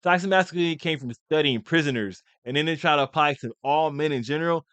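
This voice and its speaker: Man, blunt, casual commentary, slightly high, smooth, clear. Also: quick pace, a bit bright, dry recording. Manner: blunt, opinionated, rambling with restarts. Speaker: commentary video host.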